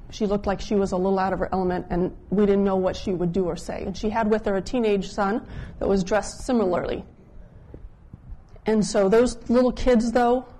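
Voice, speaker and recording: A woman pastor telling a story in a conversational sermon, dropping her voice softer when she quotes people. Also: mid-range voice, a little hiss or hum. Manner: conversational, drops softer when quoting others.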